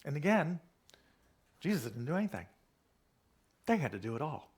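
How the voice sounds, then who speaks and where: A man's voice: on the high side, big pitch swings, normal speed, long pauses. Man preaching a conversational sermon. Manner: conversational, repeats key phrases. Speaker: minister.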